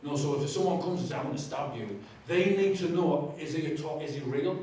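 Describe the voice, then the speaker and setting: A man's voice: fairly high pitch, brisk, a little mellow, slight background noise. A man giving a candid, conversational personal testimony with humour in a large church hall. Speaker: guest speaker giving testimony. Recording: very echoey hall, distant mic.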